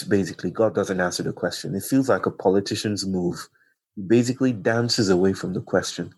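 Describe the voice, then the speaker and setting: A man speaking as a podcast guest, telling a story in slow, poetic, meditative phrasing. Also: low voice, slightly rough. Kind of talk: reflective conversational storytelling.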